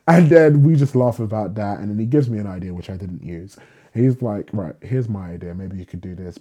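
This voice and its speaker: Young guy, low and dark-toned, husky edge, lively storyteller who acts out the dialogue. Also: normal speed, highs cut off. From England. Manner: animated storyteller, acts out dialogue, swears freely. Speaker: guest, writer. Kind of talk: casual storytelling in a podcast conversation.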